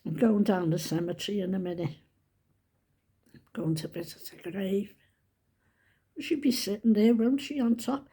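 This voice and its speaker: An older woman in her seventies talks straight to her viewers in a loose, rambling vlog chat. Her voice is mellow and husky, and she keeps turning to fondly address her followers. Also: on the high side, moderate pace, pauses often. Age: 70s. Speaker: vlogger. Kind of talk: casual chat to camera.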